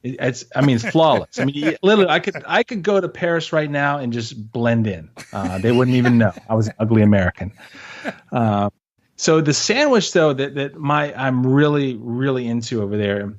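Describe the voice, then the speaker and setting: A man co-hosting a podcast in a relaxed, jokey manner, talking in a middle register. He keeps stumbling and restarting with fillers as he goes. The audio is somewhat dull and lo-fi. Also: mid-range voice, normal speed. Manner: joking, playful, many fillers and restarts. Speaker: podcast co-host. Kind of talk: casual chat.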